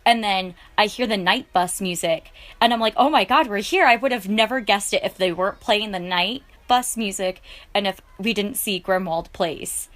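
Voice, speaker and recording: A woman's voice: mid-range voice, moderate pace, hardly any pauses, fairly bright tone. A young woman vlogger narrating her travel footage in a chatty, gushing way, full of fillers. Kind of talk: casual vlog voice-over.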